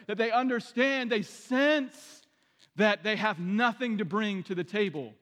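High-voiced pastor preaching in a reverberant hall. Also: male voice, a little slow, a bit bright. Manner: conversational preaching with restarts and direct questions. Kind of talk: sermon.

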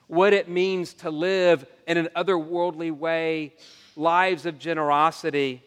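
A man preaching a sermon as pastor, telling stories in an earnest, animated way and often restarting his sentences. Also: a little high, clean tone. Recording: long reverb of a large hall.

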